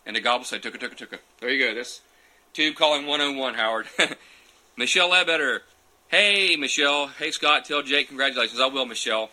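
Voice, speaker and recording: This livestream host sits on a futon couch in a small room, answering viewer questions in a relaxed, folksy way and greeting people by name. He speaks briskly and animatedly in a mid-range voice, with noise in the background.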